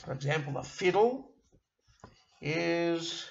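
A middle-aged man teaching a beginner language lesson online, halting often with fillers and restarting words. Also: fairly high pitch, animated, creaky, lo-fi sound, slight background noise. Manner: halting, with frequent uh and self-corrections. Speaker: Yiddish teacher.

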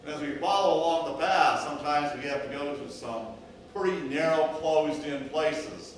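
A man's voice: fairly high pitch, normal speed, slight background noise. A male pastor preaching a sermon in a church sanctuary, building rhythmic lists of repeated words. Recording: echoey church from far off.

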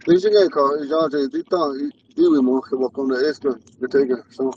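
A man's voice: mid-range voice, fairly quick, darkish tone, a little hiss or hum. Guy with a lisp talking in his car, kinda far from the phone, muffled sound. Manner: rambling, earnest and spiritual. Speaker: Ponca language teacher. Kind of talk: casual talk while driving. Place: inside a car on the road.

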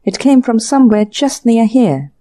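A woman's voice: on the high side, very animated, moderate pace, dark tone, pitched above the performer's own voice. A woman doing a flustered, insistent young man. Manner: insistent, apologetic. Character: young Englishman, earnest, flustered golfer.

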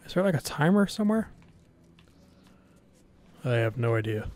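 At medium pitch and normal speed, a gamer comments live on his own play in a very animated, slightly mellow voice. He talks to himself nervously, swears a lot, and reacts out loud to every turn of the game.

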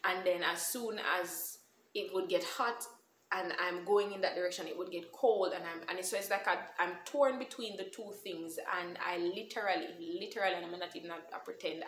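A young Jamaican woman tells her personal testimony in an earnest, emotional way, moving between plain English and patois. Her voice sits a little low for a woman. The recording is roomy and echoey, with faint noise behind it. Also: a bit bright. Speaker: vlogger sharing a testimony. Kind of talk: storytime testimony. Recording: echoey room.

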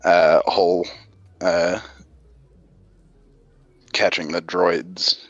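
Slow, deep-voiced male game master. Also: little pitch movement, a bit bright, no echo, muffled recording. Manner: measured, descriptive narration. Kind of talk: narrating a tabletop game.

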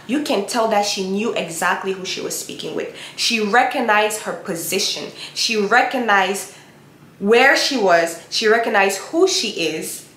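Animated yet unhurried, a woman with a medium-pitched, slightly bright voice preaches encouragement to her viewers in a Bible-based motivational talk. Like a preacher, she presses her points emphatically and says them again and again. She's a Christian YouTuber, and the recording has a roomy sound.

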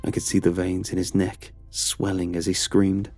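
A man narrating a horror story in a slow, low, brooding way. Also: monotone, darkish tone, no room sound. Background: faint music.

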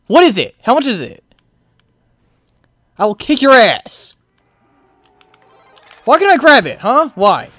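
Exasperated gamer yelling and muttering. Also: very animated, slow pace, pauses often, no echo, faint music behind. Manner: frustrated, swearing and yelling at the game; swings between loud outbursts and low muttering. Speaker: video game player. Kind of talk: live gameplay commentary.

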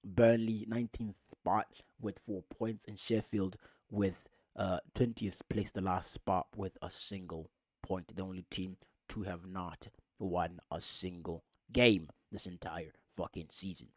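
A man's voice: low-pitched, steady tone, a little slow, darkish tone, no echo. A man, hosting a podcast, ranting angrily about football with lots of swearing and emphatic repetition. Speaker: podcast host. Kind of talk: casual football rant.

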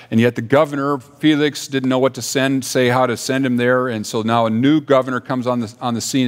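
A man with an Upper Midwest American accent, a church pastor giving a conversational sermon, full of restarts and fillers as he tells stories. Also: medium pitch. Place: church sanctuary.

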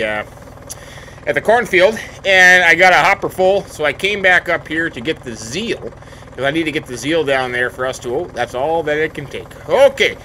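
A man's voice: a little high, slight background noise. A man giving casual gameplay commentary as a folksy, hammy farmer character full of exclamations. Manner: folksy, hammy farmer persona with stock catchphrases; animated, exclaiming. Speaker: let's play host.

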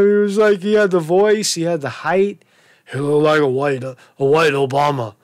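A man's voice: a little high, measured pace, no echo. A man delivering a crude, mocking political rant as a commentary vlogger, swearing often. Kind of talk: profane off-the-cuff political rant.

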